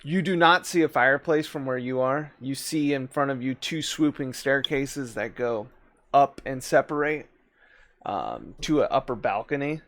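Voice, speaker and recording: A man running a tabletop game as dungeon master, describing scenes in a relaxed, halting way with many fillers. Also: medium pitch, no room sound.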